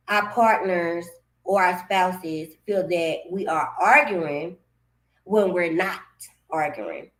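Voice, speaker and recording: A woman co-hosting a podcast in casual chat, outspoken and animated, laughing often. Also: medium pitch. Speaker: podcast co-host. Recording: echoey room.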